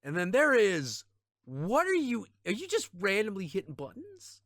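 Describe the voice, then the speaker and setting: A man's voice: high-pitched, wildly swooping pitch, normal speed, a bit bright, no room sound, clean studio sound. A man streaming a video game, ranting in frustration with plenty of swearing and repeated half-finished phrases. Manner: trails off into mutters and repetitions. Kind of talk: casual gaming stream chat.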